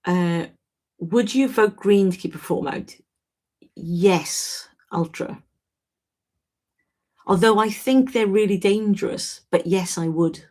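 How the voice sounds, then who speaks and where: A woman's voice: mid-range voice, takes it slowly, pauses often, a little mellow. Chatty woman hosting a live chat. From Wales. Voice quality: chatty, self-interrupting, frank. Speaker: livestream host. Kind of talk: casual live chat reading viewer comments.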